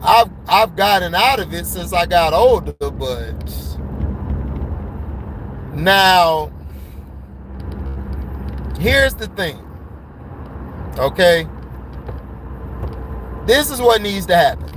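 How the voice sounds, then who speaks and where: A man with a high voice gives a blunt, excitable sports commentary, laughing between his points. He talks casually, straight to his viewers. Faint traffic noise hums behind him. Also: drawn-out words, pauses often, low-quality recording.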